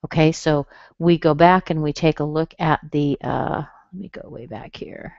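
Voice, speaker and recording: A woman's voice: sits low, normal speed, creaky, darkish tone, no room sound. A woman teaching a pronunciation webinar, patiently sounding out the syllables of names. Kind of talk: webinar lesson. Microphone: computer mic on a webinar. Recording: dry, slightly dull webinar audio.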